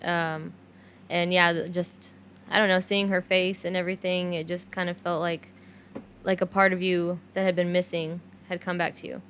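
Soft-spoken low flat woman chatting. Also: normal speed, slight background noise. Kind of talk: casual chat.

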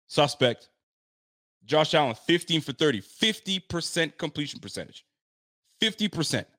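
A sports fan commentator vents after the game, blunt and frustrated, repeating himself and using casual slang. He has a mid-range, slightly bright voice.

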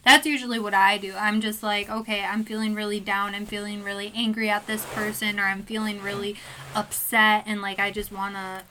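A woman's voice: brisk, slight background noise, rough recording. A young woman in casual conversation about faith, telling stories and acting out her own reactions with lots of filler words. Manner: animated storytelling, acts out her own reactions in a high sweet voice.

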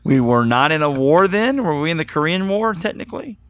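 A man hosting a relaxed movie podcast, rambling and getting animated when something bugs him. His voice sits a bit high for a man, and the sound is dry and close. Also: a little fast, dry recording. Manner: animated, rambling, gets excited. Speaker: podcast host. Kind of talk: casual movie review chat.

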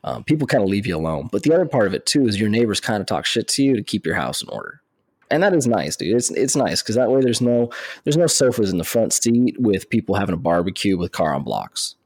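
Podcast co-host, man from Texas, low husky voice, blunt and animated. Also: fast talker, no room sound. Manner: blunt, profane, animated storytelling. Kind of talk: casual chat.

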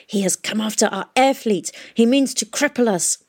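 A woman voicing a calm, commanding female aviator who speaks in a measured way. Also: fairly high pitch, pitched above the performer's own voice, lightly acted. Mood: cool command.

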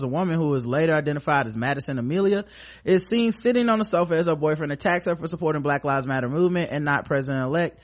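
Sarcastic profane male podcast host. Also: fairly high pitch. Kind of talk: casual podcast chat.

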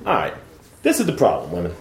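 A man's voice: low voice, huge pitch swings, fast, reverberant. A man co-hosting a podcast in loose, crude banter, rambling and profane and laughing often. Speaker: podcast co-host.

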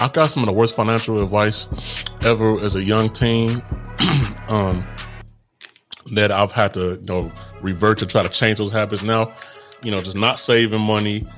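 A man's voice: lowish voice, a bit bright. A man, a parent, co-hosting a casual chat. He rambles, laughs often and talks frankly with slang. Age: adult with kids. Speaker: podcast co-host.

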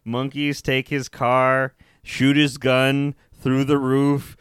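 A man co-hosting a casual movie chat, animated and profane, often breaking into mock screams. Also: mid-range voice, slow, smooth, dry recording, clean studio sound.

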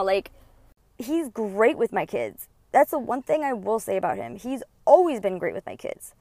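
A woman's voice: mid-range voice, very animated, normal speed, darkish tone, no echo. Candid, swearing woman telling a story. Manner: candid, swears freely, acts out quoted dialogue. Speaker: podcast host. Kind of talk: personal storytelling.

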